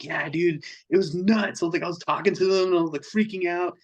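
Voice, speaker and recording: A man's voice: high-pitched, fast, poor audio. A man, a metal band vocalist, chatting casually as a podcast guest and telling a story with lots of slang, acting out what people said. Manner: animated, slangy, acts out quotes in other voices.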